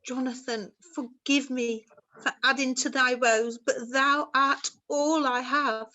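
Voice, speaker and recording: A woman's voice: high voice, steady tone, slow pace, pushed and bright, full character voice. A woman playing a ghostly young mother who speaks in archaic thee-and-thou language, earnest and pleading, in an amateur stage drama.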